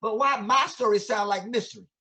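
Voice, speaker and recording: A man's voice: sits high, a little fast, sharp tone. Emphatic man lecturing with rhetorical questions. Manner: casual vernacular grammar. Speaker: educator guest. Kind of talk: impassioned conversational teaching.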